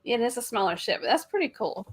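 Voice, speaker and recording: A woman hosting a casual travel live stream, upbeat as she runs through plans and shout-outs. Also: a little high, big pitch swings, quick pace, breathy edge.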